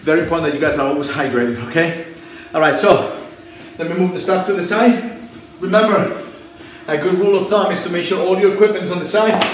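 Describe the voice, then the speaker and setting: Out of breath, a high-pitched fitness coach talks fairly quickly with frequent pauses, energetically urging on his home-workout class and counting each rep. The recording has slight hiss or hum and heavy echo from a distant mic.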